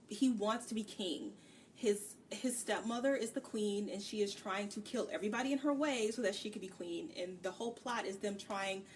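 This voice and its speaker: A woman co-hosting a book review podcast, ranting candidly in casual chat. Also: mid-range voice. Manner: candid, ranting, acts out characters' lines in quick bits. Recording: distant mic with faint background noise.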